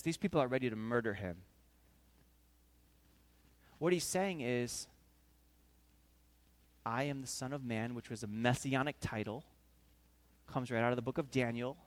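A male preacher giving a sermon, telling the story in an animated way and acting out the scenes. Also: medium pitch.

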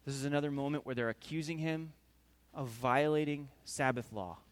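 A male preacher giving a sermon, telling the story in an animated way and acting out the scenes. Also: mid-range voice, normal speed.

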